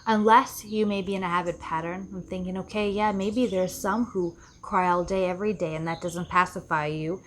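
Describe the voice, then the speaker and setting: A woman's voice: lowish voice, steady tone, normal speed, few pauses, slight background noise. A woman life coach giving an earnest, reflective self-help talk, often repeating herself for emphasis. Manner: earnest, repetitive, acts out quoted voices.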